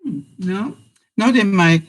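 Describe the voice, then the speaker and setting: A woman's voice: medium pitch, lively intonation, slow, rough recording. An older woman hosting a casual live-stream chat, talking straight to her viewers and laughing often. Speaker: vlogger host.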